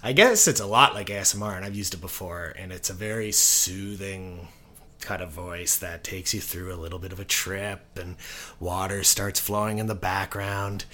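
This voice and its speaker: Man, podcast guest, casual interview, very deep voice, bright crisp tone, easygoing, soft-spoken. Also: normal speed, a little hiss or hum.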